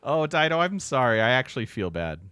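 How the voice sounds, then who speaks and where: A man's voice: mid-range voice, sing-song, fairly quick, bright, forceful tone, smooth. A man casually commenting on a strategy game while he plays, laughing often and chatting with his viewers. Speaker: let's play host.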